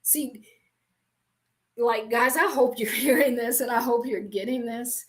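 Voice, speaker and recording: A middle-aged woman teaching business from the Bible, emphatic and animated, often restarting her sentences. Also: a little high. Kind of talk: faith-based business teaching.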